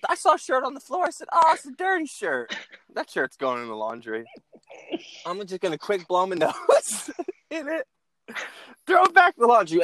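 Man, laid-back storyteller, slightly high voice, very animated pitch, chuckles often. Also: dry recording. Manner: laughs often while telling the story. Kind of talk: casual storytelling.

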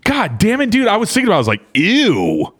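A man hosting a podcast in a casual group chat, animated and incredulous, swearing often. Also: high-pitched, fast talker. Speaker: podcast host.

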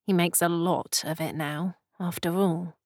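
A woman reading a poem and a short story aloud in a soft, solemn storytelling manner. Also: fairly low pitch, fairly even intonation, measured pace, no echo, studio quality. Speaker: reader of poems and stories. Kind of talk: slow literary reading.

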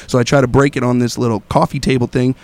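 A man's voice: mid-range voice, little pitch movement, fast talker, darkish tone. A young man telling a wild story in casual chat, laughing often and acting out voices and sounds.

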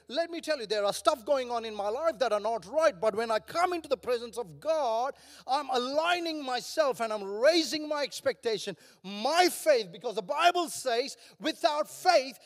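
An older man preaching a passionate sermon as a pastor, building at times to shouts. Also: very high voice. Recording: long hall reverb.

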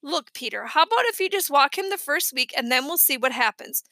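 A woman reading an audiobook, voicing a patient, gentle but firm mother. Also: sits high, animated, brisk, dry recording, exaggerated voice.

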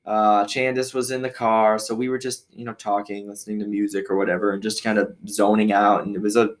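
A man with a somewhat low voice from Michigan tells a story on his podcast. He talks in a loose, rambling way, full of fillers and restarts, and he acts out other people's voices when he quotes them. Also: level tone, brisk. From Michigan, USA. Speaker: podcast host. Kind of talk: casual storytelling.

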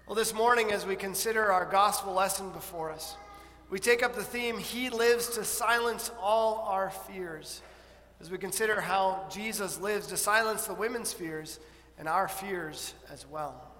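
A pastor with a high, bright voice preaches to his congregation, telling stories with lively expression. The sound rings with a long hall reverb, and a faint hum of room ambience sits behind him. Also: unhurried. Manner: animated storytelling, acting out a scared child. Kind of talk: sermon. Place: church.

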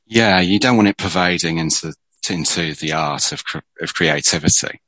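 A screenwriter guest tells stories in casual conversation, a chatty storyteller who restarts his sentences often. His voice is low and sharp at a moderate pace, in a rough recording with no room sound.

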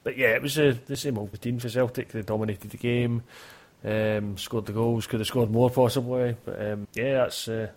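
A man's voice: medium pitch, steady tone, moderate pace, few pauses. A Scottish man chatting casually about football, opinionated and full of restarts, hosting a podcast.

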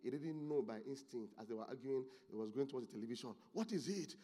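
A man preaching a sermon as pastor, moving from low, quiet asides to loud, excited exclamations. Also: quick pace.

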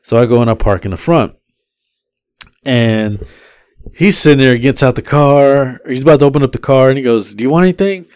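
A man's voice: mid-range voice, normal speed, pauses often, a little mellow, smooth, dry recording. A man hosting a podcast who tells a long story in casual, profane chat and acts out the lines of the people in it. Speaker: podcast host.

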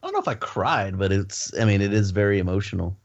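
A man's voice: lowish voice, expressive, fast talker, lo-fi sound. A man co-hosting a podcast, reading an ad playfully and chatting with some hesitation. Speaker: podcast co-host reading ads. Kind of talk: casual chat.

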